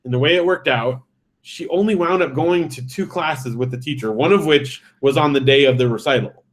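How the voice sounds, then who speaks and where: A man's voice: medium pitch, brisk. A man co-hosting a podcast, chatting casually and explaining events in detailed step-by-step accounts. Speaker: podcast co-host. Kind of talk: casual chat.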